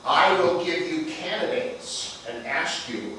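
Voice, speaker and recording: Man, lecturing physics, slow and theatrical, distant room mic, faint background noise. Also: fairly high pitch, expressive, bright, forceful tone, very echoey. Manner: playful, theatrical, asks the class questions. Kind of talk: classroom lecture. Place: lecture hall.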